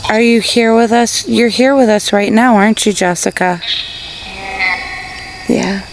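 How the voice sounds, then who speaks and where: A woman paranormal investigator speaking softly and coaxingly to a spirit at a graveside during a session. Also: fairly high pitch, unhurried. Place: outdoors at a cemetery at night. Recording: noisy outdoor recording with crickets.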